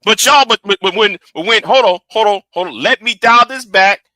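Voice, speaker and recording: A man hosting a livestream, reacting to a clip with animated, argumentative commentary aimed straight at his audience. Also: high voice, moderate pace, no room sound. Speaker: livestream host.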